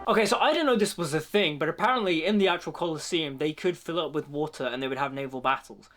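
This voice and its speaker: A man's voice: on the high side, fast talker, music in the background. A man giving a casual, chatty reaction to a film trailer, dropping "like" into nearly every sentence. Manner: chatty, leans heavily on "like".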